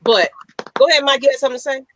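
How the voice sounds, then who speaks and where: A woman's voice: high voice, steady tone, racing, a bit bright, a little hiss or hum, rough recording. A woman co-hosting a live sports talk stream, blunt and wry as she scolds the men and plugs the channel. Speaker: podcast co-host.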